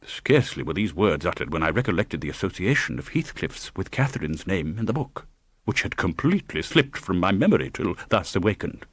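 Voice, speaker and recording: A deep-voiced male narrator reads a scripted audiobook close to the mic, fairly quickly and with big pitch swings. His delivery is dramatic and tense, and the recording has no echo.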